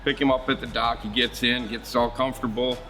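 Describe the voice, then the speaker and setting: This is a man with an ordinary, mid-pitched voice, holding forth in easygoing shop talk. He rambles from one story to the next, speaks bluntly and curses without a second thought. A bit of music sits faintly in the background. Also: level tone, a little fast, pushed and bright. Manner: blunt, rambling storyteller who swears freely. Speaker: marine service shop host.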